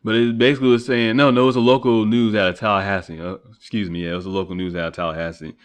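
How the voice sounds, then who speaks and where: A man's voice: fairly low pitch, flat delivery, very fast, clear, resonant tone. A man hosting a solo podcast, rambling and swearing casually as he rants. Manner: rambling, profane, ranting, voice rising when heated. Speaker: podcast host. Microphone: computer recording setup.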